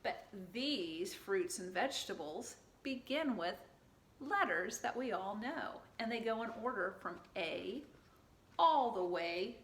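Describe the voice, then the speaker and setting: A woman's voice: mid-range voice, expressive, slow pace, slight background noise. A woman teaching a preschool class at circle time, reading a picture book aloud and leading call-and-response in a sing-song manner.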